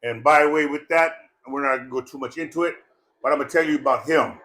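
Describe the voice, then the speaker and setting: A man giving a rambling, joking eulogy at a memorial gathering, loud and full of swearing. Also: medium pitch, fast. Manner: profane, loud and jokey, breaks into laughter.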